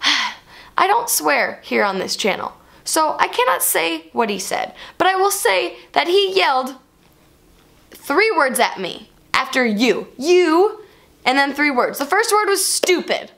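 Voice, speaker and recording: Lively, high-voiced woman telling a story. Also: measured pace, vocal fry. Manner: animated, expressive storytelling. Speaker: vlogger. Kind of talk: casual storytelling to camera.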